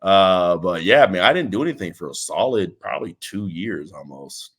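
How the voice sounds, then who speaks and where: A man's voice: low voice, normal speed, husky. A man being interviewed in casual chat, telling rambling stories full of restarts and acted-out quotes. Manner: animated storyteller, rambling with restarts, acts out quotes. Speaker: interview guest, wrestling trainer.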